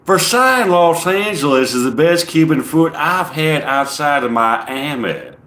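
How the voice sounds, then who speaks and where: A man putting on a drawling Southern gentleman. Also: on the high side, big pitch swings, pitched above the performer's own voice. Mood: relishing. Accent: put-on American Southern. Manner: slack unhurried drawl, raised and loud. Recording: roomy echo.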